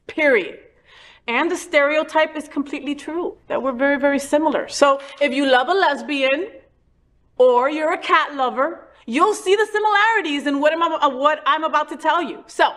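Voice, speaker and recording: A woman hosting a chatty talk show, with a voice that sits a little higher than most. She sounds animated and playful and leans hard on her words. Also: normal speed. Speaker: host. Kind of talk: casual talk show chat.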